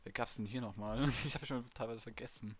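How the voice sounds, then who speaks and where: A man's voice: medium pitch, fairly quick, slightly rough. A male streamer reading a visual novel aloud on a live stream, with amused reactions and asides. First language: German. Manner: amused reactions, code-switching English and German.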